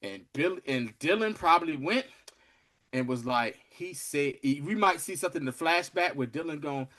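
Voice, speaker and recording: A man co-hosting a casual TV recap podcast, laying out a theory and acting out what characters said in a lower voice. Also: expressive, normal speed, fairly bright tone. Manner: storytelling, acts out quoted characters in a low voice. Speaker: podcast co-host.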